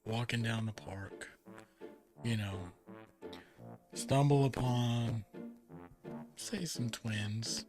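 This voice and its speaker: A man's voice: mid-range voice, drawn-out words, long pauses, over music. A man co-hosting a casual podcast, rambling and joking with lots of "you know". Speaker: podcast co-host. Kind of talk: casual chat.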